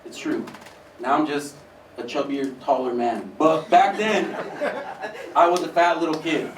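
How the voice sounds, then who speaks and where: A young man does open-mic stand-up on a small theater stage, loose and profane, tossing "dude" into nearly every line. His voice sits a bit high and is picked up from a distance. The room echoes, with a faint murmur of ambience behind him. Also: steady tone, measured pace, a crowd in the background. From United States. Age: 20s. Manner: profane, conversational, keeps saying "dude". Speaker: stand-up comedian.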